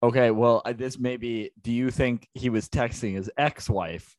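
A man's voice: mid-range voice, fairly even intonation, moderate pace, a little mellow, no echo. A man co-hosting a podcast who reacts and asks joking questions in a casual chat. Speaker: podcast co-host.

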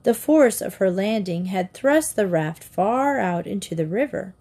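A woman narrating a children's storybook in a calm, measured reading. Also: mid-range voice. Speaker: audiobook narrator.

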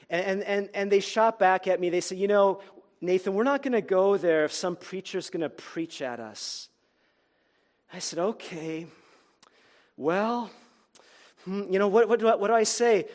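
A male pastor telling a personal story in a sermon, earnest and animated, acting out the quoted dialogue. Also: sits high.

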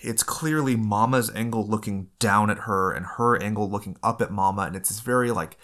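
Male podcast host, slightly low voice, animated and analytical, chatty film talk. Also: brisk. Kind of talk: casual film discussion.

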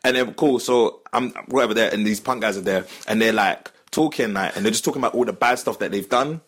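A man's voice: lowish voice, fast, husky. A young man, hosting a podcast and telling a story in casual, slangy chat, laughing as he goes. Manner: slangy, animated, laughs while telling stories. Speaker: podcast host.

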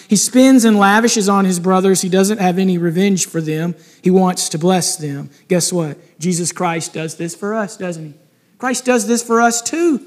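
A man's voice: sits high, moderate pace. A man preaching a sermon from scripture in an earnest way, often repeating rhetorical questions. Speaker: pastor. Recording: long reverb of a large hall.

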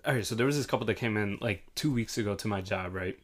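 A young man telling a lively story in casual chat, acting out the people in it and swearing freely. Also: fairly low pitch, quick pace. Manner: animated, acts out quoted voices, swears freely. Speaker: hotel front desk worker.

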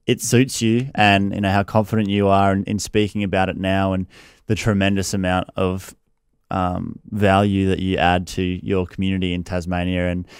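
A deep-voiced man hosts an interview with a measured, affirming manner. His tone is smooth and resonant, with very little rise and fall. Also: no echo, clean studio sound. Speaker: interview host. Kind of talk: conversational interview.

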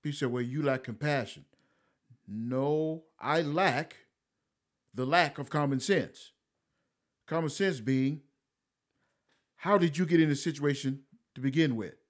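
A man's voice: on the high side, measured pace, pauses often. A man giving blunt, preachy commentary, scolding his listeners in a lecturing tone and slipping into mocking voices to quote others. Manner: slips into mocking voices when quoting others. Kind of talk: direct-to-camera commentary.

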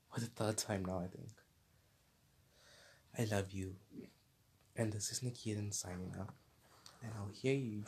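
A man's voice: lowish voice, noisy background. A man hosting his own podcast segment, talking in an earnest, rambling, unscripted monologue that often repeats itself. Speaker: podcast host.

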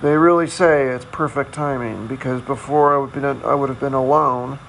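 A man hosting a casual solo podcast, talking in a candid, self-deprecating, halting way. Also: mid-range voice, fairly even intonation, vocal fry, fairly bright tone, a little hiss or hum, low-quality recording. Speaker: podcast host.

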